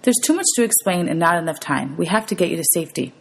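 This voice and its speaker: A woman's voice: fairly low pitch, expressive, fast, gravelly, slightly rough, full character voice. A woman reading aloud, voicing an anxious mother whose speech is tight and pleading. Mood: urgent. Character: anxious mother, tense and urgent.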